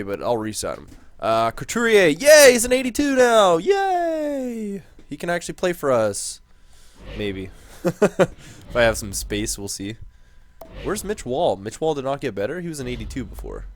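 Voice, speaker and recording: A man's voice: medium pitch, no echo. Young man rambling over a game. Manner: thinking aloud, quick swings into exasperated rants. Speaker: gaming commentator. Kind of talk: casual game commentary.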